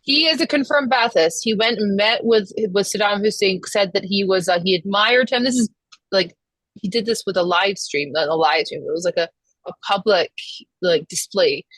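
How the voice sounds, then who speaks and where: A woman with a Glaswegian accent speaks in casual panel chat. Her voice sits in a mid range and sounds close and dry. She jumps in quickly and talks in an animated way. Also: mid-range voice, no room sound, low-quality recording. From Scotland.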